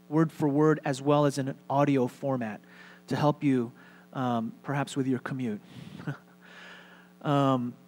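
A man's voice: on the high side, darkish tone. A male pastor preaching a sermon in a conversational way, with fillers and light humor.

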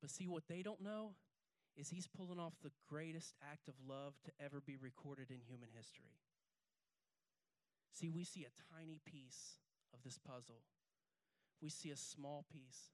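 A man's voice: a little high, normal speed, no room sound. A man preaching a passionate sermon as pastor, building long repeated refrains and leading the congregation in call-and-response. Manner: impassioned, building repetitive refrains. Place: church service. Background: faint guitar music.

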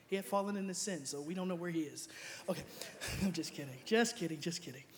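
A man's voice: sits high, fast. A young adult man preaching a sermon, playful and joking, acting out Bible figures in casual slang. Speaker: pastor.

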